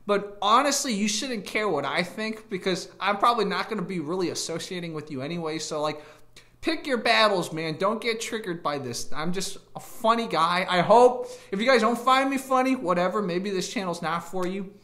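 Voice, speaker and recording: A man's voice: high-pitched, normal speed, pushed and bright, reverberant. A man hosting his own channel, rambling through a casual rant to camera and laughing at his own jokes with crude asides. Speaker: YouTube channel host.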